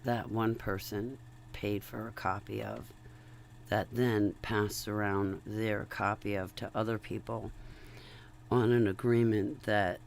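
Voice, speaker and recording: A woman's voice: rumbling low, steady tone, takes it slowly, creaky, a little hiss or hum. A woman vlogging in a casual, rambling, digressive monologue, chatty and talking to her viewers. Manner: rambling, chatty, digressive, laughs between thoughts.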